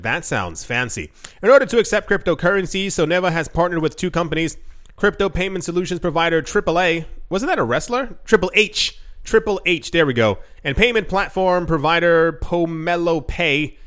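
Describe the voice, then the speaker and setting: A man's voice: fairly high pitch, lively intonation, moderate pace, fairly bright tone. A man hosting a casual crypto news show, reading headlines with sarcastic asides and frequent restarts.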